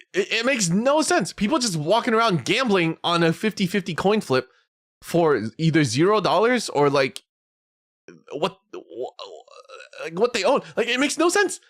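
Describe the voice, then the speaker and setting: A man's voice: high-pitched, very animated, normal speed, fairly bright tone, no echo, studio quality. A young man streaming as a VTuber, chatting casually and ranting, often swearing and acting out quoted people.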